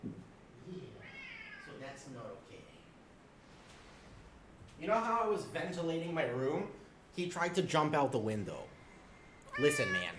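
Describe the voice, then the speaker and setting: Animated, swearing male game streamer. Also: fairly high pitch, a little slow, pauses often, noisy background. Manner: animated, swears freely, scolds his cat playfully. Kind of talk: casual live-stream chat. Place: home room at a computer.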